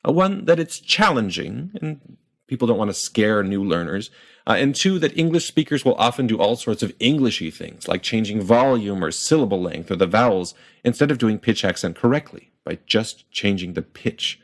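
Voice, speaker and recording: Calm, low-voiced man teaching pronunciation. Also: moderate pace. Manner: clear, methodical, demonstrates pronunciations. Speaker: language teacher. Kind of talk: explanatory lesson narration.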